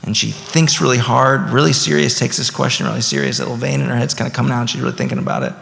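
Gravelly-voiced man preaching in a hall. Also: mid-range voice, lively intonation, very fast, fairly bright tone. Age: 30s. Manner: conversational preaching with rising emphatic bursts. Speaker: pastor. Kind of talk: sermon. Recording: long reverb of a large hall.

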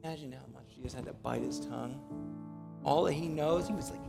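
A man's voice: on the high side, fairly quick, creaky, long reverb tail, over music. A man preaching a sermon as pastor to his church, telling a story and rising into passionate, urgent preaching. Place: church sanctuary.

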